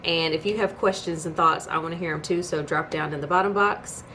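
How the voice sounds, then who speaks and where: A woman with a slightly low voice walks through a TV episode in a casual, chatty recap. She tells the story conversationally and breaks in with incredulous asides. A faint hiss sits under her voice. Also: steady tone, fairly quick, sharp tone. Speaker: YouTube TV reviewer.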